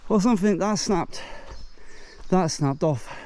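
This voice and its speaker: A man's voice: sits high, unhurried, warm tone, slight background noise. A man from Britain, out of breath, chatting casually as he films himself hiking up a steep woodland trail and exclaiming at the views. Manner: chatty, exclaims at the scenery, puffing between remarks. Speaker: hiking vlogger. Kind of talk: casual walking commentary.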